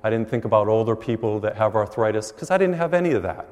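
A middle-aged man, a priest, preaching a sermon with animated storytelling. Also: lowish voice, fast. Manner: animated storytelling with acted quotes. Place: large church. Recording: long church reverb.

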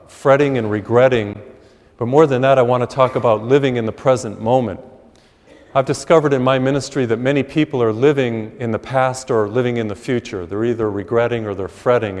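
A man's voice: fairly low pitch, darkish tone. Preaching man in a reverberant church. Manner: storytelling, conversational preaching with folksy asides. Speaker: priest. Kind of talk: sermon.

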